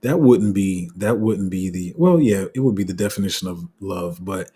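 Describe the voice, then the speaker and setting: A man's voice: low-pitched, lively intonation, normal speed, dark tone, breathy edge. A man hosting a crypto channel, giving a heated, passionate livestream rant full of restarts. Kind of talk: casual livestream commentary.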